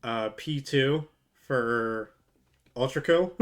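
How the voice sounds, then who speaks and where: Man, live streamer, drunk, casual chat, mid-pitched voice, frequent laughs, swearing, rambling restarts. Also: expressive, very slow.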